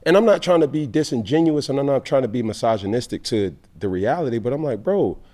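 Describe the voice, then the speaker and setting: A man's voice: mid-range voice, animated, fast, warm tone. A man hosts a laid-back sports podcast. He talks with slang and emphasis and drives his points home with strings of rhetorical questions. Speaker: podcast host. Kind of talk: casual sports talk.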